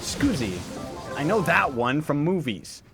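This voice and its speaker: A young male game streamer with a slightly higher voice, playful and joking as he answers chat questions aloud. Game music plays clearly underneath him. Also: animated, normal speed. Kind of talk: casual livestream chat. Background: game background music.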